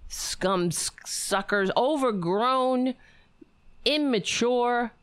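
A woman's voice: on the low side, animated, slow pace, no echo. A woman streamer reacting to a video with sarcastic, profane commentary.

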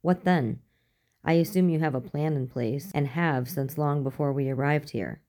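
A woman's voice: deep voice, normal speed, dark tone, natural voice. A woman voicing a wary, skeptical father who presses with questions.

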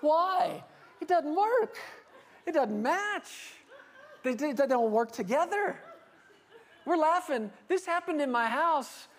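A male pastor preaching a sermon to a congregation, telling lively stories and acting out dialogue with humor. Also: very high voice, slow pace, pauses often. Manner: animated storytelling preacher, acting out dialogue with laughter.

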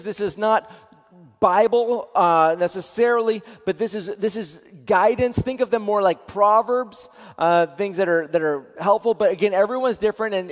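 A man teaching as a pastor on a livestream, energetic and repeating his points for emphasis. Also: sits high. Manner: energetic, repeats phrases, affirming. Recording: long hall reverb.

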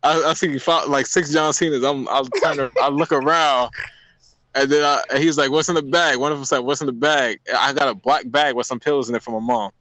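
A young man tells a long story in a relaxed group chat, often breaking into laughter. His voice sits at an ordinary pitch and is recorded dry and close, with no room sound. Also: fairly quick, no echo.

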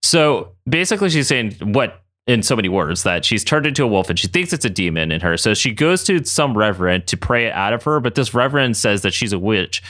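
A man co-hosting a casual podcast, retelling movie scenes in an animated way with quick asides. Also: lowish voice. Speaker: podcast co-host. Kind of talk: casual movie recap chat.

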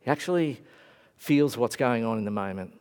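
A man's voice: medium pitch, expressive, moderate pace. Reflective preacher man in an echoing hall. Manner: reflective, swings between raised and hushed voice. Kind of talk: sermon. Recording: long hall reverb.

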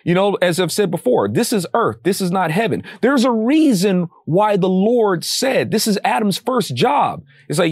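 A man talking about faith in a loose, animated, preacher-like way, with slang. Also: high voice, normal speed, few pauses, dry recording, clean studio sound. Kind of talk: casual faith talk.

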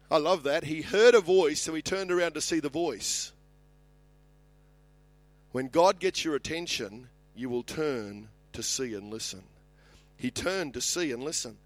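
A man's voice: fairly high pitch, measured pace, dry recording, faint music behind. A middle-aged Australian man preaching a sermon as a pastor, passionate and building in volume when he reads scripture.

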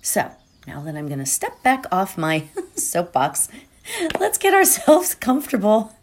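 Slow, lively-voiced woman hosting a meditation talk. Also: medium pitch. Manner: rambling and heartfelt, with many fillers and restarts. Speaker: meditation host. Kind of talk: casual spiritual talk before a guided meditation.

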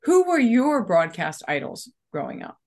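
A woman's voice: mid-range voice, huge pitch swings, moderate pace, a little mellow. Friendly woman co-hosting a chat. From Philadelphia area. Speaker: podcast co-host. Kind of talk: casual podcast chat.

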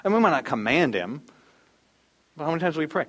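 A man's voice: mid-range voice, animated, a little fast, pauses often, fairly bright tone. A man in his thirties preaching a sermon as a pastor, conversational and storytelling, acting out the voices in his stories.

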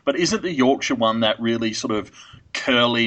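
A man's voice: mid-range voice, expressive, moderate pace, a bit bright. A man co-hosting a casual podcast, talking enthusiastically with frequent exclamations. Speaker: podcast co-host.

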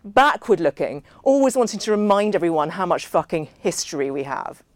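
A woman reading the part of a brash, drunk man who talks loudly and bluntly at a dinner party. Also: on the low side, sing-song, brisk, dry recording. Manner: loud, blunt, dismissive. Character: brash, drunken, swearing male host at dinner.

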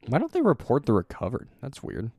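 A man co-hosting a podcast in casual profane chat, blunt and mocking, often doing quick put-on voices. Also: medium pitch, huge pitch swings, vocal fry, darkish tone, no echo, studio quality. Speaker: podcast co-host.

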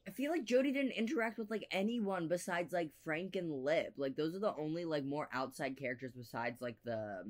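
Super deep voiced woman cohost, casual rambly tv chat. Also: expressive, brisk, few pauses. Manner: chatty reactions, rambling asides. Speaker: podcast co-host.

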